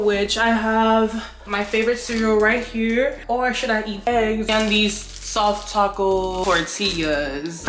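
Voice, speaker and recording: A woman's voice: fairly high pitch, echoey room. A young woman talking casually to her viewers while she cooks and cleans in her apartment, calling them "y'all". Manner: chatty, addresses viewers as y'all. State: out of breath. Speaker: vlogger. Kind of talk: casual vlog talk to camera. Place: small apartment kitchen.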